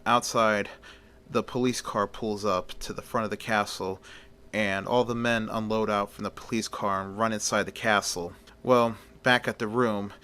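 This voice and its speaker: A man's voice: lowish voice, pushed and bright, clean tone. A man casually retelling a film story as a storyteller, chatty and plain, opening many sentences with "well".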